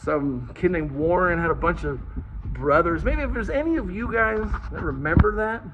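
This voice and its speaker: Animated, slightly high-voiced storyteller man. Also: moderate pace, a little hiss or hum, poor audio. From Liverpool, England. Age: 40s. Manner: animated, swears freely, self-mocking. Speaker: vlogger telling a childhood story. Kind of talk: casual storytelling.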